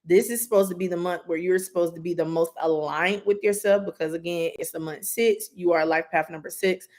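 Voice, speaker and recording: A woman's voice: fairly low pitch, fairly even intonation, a little fast, a little mellow. A woman doing a live intuitive reading, giving earnest, direct advice with many asides. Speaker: psychic reader.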